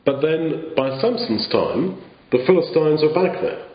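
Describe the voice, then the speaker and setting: A man preaching a sermon in an earnest, halting way, often restarting his phrases. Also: a little high, expressive, roomy sound, muffled recording, slight background noise.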